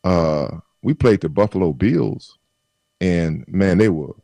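A man telling football stories as a radio guest, acting out quoted voices with laughter and bursts of shouting. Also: sits low, slow, vocal fry, no echo. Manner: animated storyteller, acts out quotes with laughs. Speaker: guest, former football player. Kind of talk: casual storytelling on radio call-in.

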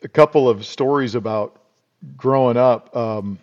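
A man's voice: medium pitch, unhurried, darkish tone, dull audio. A middle-aged man from South Dakota, a podcast guest telling rambling, folksy stories in a casual interview. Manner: rambling, folksy, restarts and repeats words.

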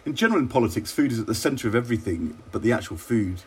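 Husky-voiced middle-aged English man. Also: mid-range voice, animated. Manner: measured, reflective, wry. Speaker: former government minister. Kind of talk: relaxed interview anecdotes.

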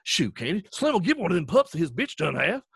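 A man voicing a gruff, callous rural ranch hand with a Southern Appalachian accent. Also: a little high, sing-song, fast talker, fairly bright tone, no room sound, studio quality, pitched above the performer's own voice, exaggerated voice. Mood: blunt, pushy.

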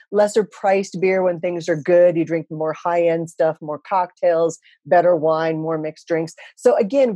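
An American woman in her fifties explains business economics on a podcast with casual humor. Her voice sits a bit low, mellow and husky. The recording is close and dry. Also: no room sound. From USA. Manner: chatty, joking, confident explainer. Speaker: guest, economist and speaker.

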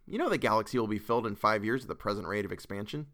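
A man playing a brisk, confident young man who speaks bluntly and firmly. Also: fairly low pitch, a bit bright, close to an everyday voice.

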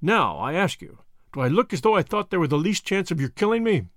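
A man's voice: high-pitched, brisk, dry recording, studio quality. A man doing a cocky young Englishman. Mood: calm. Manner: calm, confident, scornful.

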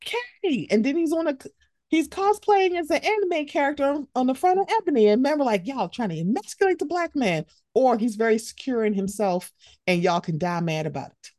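A young woman hosting a podcast in casual chat, animated and jumping into high, excited voices as she tells stories. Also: fairly quick, dry recording, studio quality. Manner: animated, swings into high excited voices when quoting herself. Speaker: podcast host.

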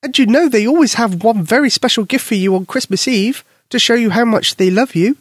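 A man's voice: very high voice, fairly quick, slightly rough, no room sound, clean studio sound, voice pushed up. A man voicing a cheerful young mother coaxing her glum daughter. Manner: coaxing, upbeat questions.

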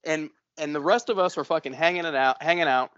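A man on a podcast spins a long, swear-filled story in a loose, rambling way. His voice sits a little high for a man. The recording is dry and a bit dull. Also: quick pace, a bit bright, smooth, no echo. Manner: profane, rambling storyteller who acts out other people's voices. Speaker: podcast co-host. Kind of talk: casual storytelling chat.

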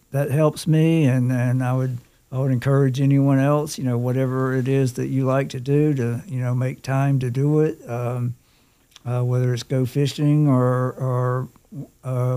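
A man talks on a casual podcast in a flat, mellow, smooth voice. He halts often and searches for his words. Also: mid-range voice. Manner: halting, full of fillers and restarts. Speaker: podcast guest or co-host. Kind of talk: casual chat.

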